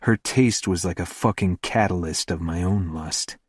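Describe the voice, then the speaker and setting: A man narrating a first-person romance audiobook in a slow, hushed, intimate delivery. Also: low voice, slightly rough, dry recording, clean studio sound.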